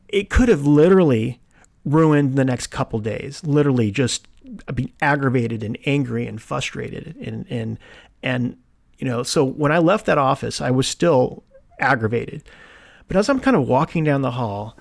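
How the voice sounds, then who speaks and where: A man's voice: mid-range voice, a little fast, vocal fry, darkish tone. A man hosting a solo podcast, telling a personal story in a rambling way with restarts and quoted asides. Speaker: podcast host.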